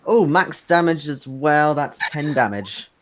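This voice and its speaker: A man's voice: a little high, expressive, a little slow. A man playing a tabletop role-playing game, eager and laughing easily as he rolls dice. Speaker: player. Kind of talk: casual tabletop play. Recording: faint background noise.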